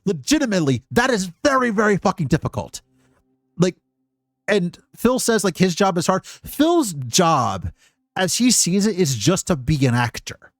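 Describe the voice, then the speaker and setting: A man's voice: high-pitched, very animated, moderate pace, no room sound, studio quality. A Scottish man giving casual live-stream commentary, rambling and profane, with many restarts.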